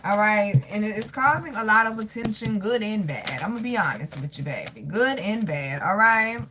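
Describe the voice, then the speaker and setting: A woman's voice: medium pitch, animated, normal speed, noisy background. A woman in her thirties doing a casual tarot reading, sassy and preachy, calling her listeners baby. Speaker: tarot reader.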